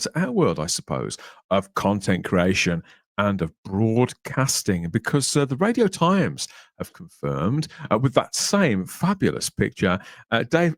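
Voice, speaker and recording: A man's voice: mid-range voice, no room sound, studio quality. A man hosting a casual podcast chat, laughing often and reading out news items. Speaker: podcast host.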